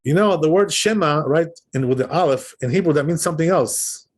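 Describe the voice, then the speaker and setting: A man's voice: fairly high pitch, fairly quick, husky. A man, a rabbi, giving an informal religious lesson, explaining as he goes and repeatedly checking in with "right?" and "you know?". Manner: demonstrates pronunciation aloud. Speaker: rabbi teaching a class.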